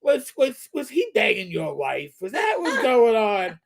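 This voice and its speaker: A man's voice: extremely high pitch, huge pitch swings, vocal fry, a crowd in the background, pitched above the performer's own voice, exaggerated voice. A man doing a rumpled squinting detective. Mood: probing. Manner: halting, probing questions. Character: rumpled squinting male TV detective, middle-aged.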